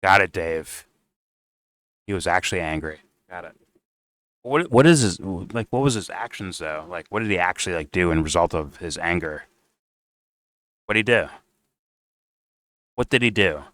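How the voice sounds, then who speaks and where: A man giving reaction commentary over a paused debate clip. He talks in a sarcastic, mocking way and swears freely. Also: low-pitched, expressive, fairly bright tone, dry recording, clean studio sound. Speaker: commentary streamer.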